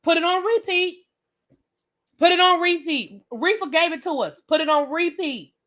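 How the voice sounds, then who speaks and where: High bright sassy woman ranting live. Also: normal speed. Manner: animated, blunt and sassy, addresses viewers directly. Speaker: reviewer and channel host. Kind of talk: live reality-TV review rant. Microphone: webcam.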